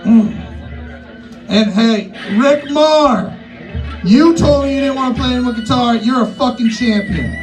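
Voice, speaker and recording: A man's voice: extremely high pitch, unhurried, soft background music. A man doing a loose, profane stand-up set in a bar, rambling and mocking himself. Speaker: stand-up comic. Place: comedy bar stage.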